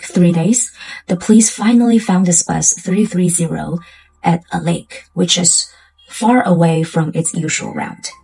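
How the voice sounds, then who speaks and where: A woman's voice: lowish voice, creaky, darkish tone, breathy edge, poor audio. A woman telling a spooky tale to her viewers in a chatty, casual way, full of fillers. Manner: chatty, loose phrasing with many fillers. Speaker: storyteller.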